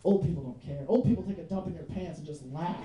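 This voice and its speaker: A man's voice: a little high, fast, recorded from a distance, a crowd in the background. Rambling young male stand-up comic, echoey club. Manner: loose, profane, rambling with fillers like "you know what I mean". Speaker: stand-up comedian. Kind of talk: stand-up comedy set. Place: small comedy club.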